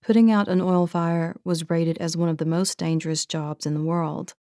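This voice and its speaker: A woman narrating an audiobook in a steady, even storytelling manner. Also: lowish voice, moderate pace, few pauses, no room sound, studio quality. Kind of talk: scripted narration.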